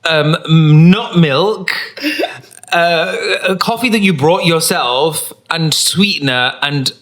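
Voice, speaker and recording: Man, podcast co-host, sarcastic rant, somewhat high pitch. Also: slow pace. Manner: sarcastic, mocking, animated. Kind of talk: casual ranting chat.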